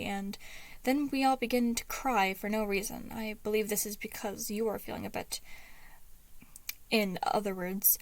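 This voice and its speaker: A woman's voice: mid-range voice, no echo, lightly acted. A woman reading aloud and voicing a stiff, logical young man who speaks in formal, precise wording.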